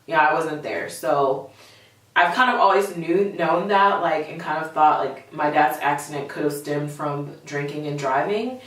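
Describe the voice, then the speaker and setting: A woman's voice: low-pitched, measured pace. Chatty young woman in an echoey room. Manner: candid, chatty, animated retelling with lots of fillers. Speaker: vlogger. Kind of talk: personal storytelling to camera. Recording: very echoey room, voice far from mic.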